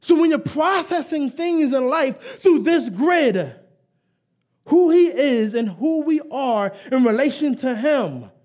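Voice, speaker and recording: A man preaching a live sermon, emphatic and rising to shouts, leading call and response and joking with the congregation. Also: very high-pitched, expressive, slow pace.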